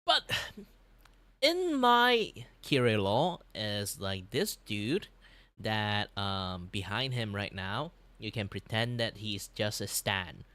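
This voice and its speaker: On his livestream, this young VTuber from Malaysia speaks slowly in a lower voice with a Malaysian English accent, and there's no room sound. He rambles in an animated, casual way, often restarting and laughing.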